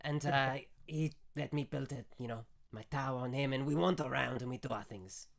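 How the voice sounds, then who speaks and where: A man's voice: mid-range voice, brisk, creaky, lightly acted. Man doing a cheerful scatterbrained hermit. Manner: excitable, rambling. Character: eccentric male tower-building hermit, cheerful and scatterbrained.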